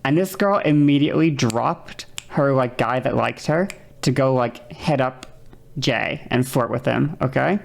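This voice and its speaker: Rambling woman streamer with a gravelly voice. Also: a little slow. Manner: rambling, self-interrupting, acts out quoted lines in a higher voice. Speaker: streamer reacting to a video. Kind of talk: casual chat.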